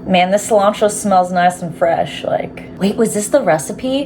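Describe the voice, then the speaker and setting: A woman's voice: medium pitch, a little fast, few pauses, darkish tone, a little hiss or hum. A woman cooking in her home kitchen and chatting casually to viewers, giggly and swearing offhandedly. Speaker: cooking vlogger.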